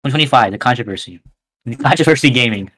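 A man's voice: medium pitch, expressive, fast talker, a bit bright, slightly rough. A teenage boy co-hosting a school podcast in casual chat, rambling with many repeated restarts. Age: teens. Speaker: podcast co-host.

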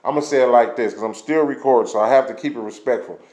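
A man's voice: mid-range voice, racing, darkish tone, roomy sound. A man delivering a blunt, passionate rant full of profanity, as in a recorded vlog. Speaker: vlogger ranting on camera.

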